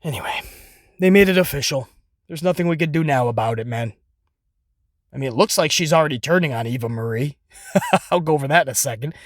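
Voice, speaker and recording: A man hosting a casual wrestling commentary show, sarcastic, animated and full of profanity. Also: fairly high pitch, a little fast, long pauses, no echo, studio quality. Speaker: podcast host.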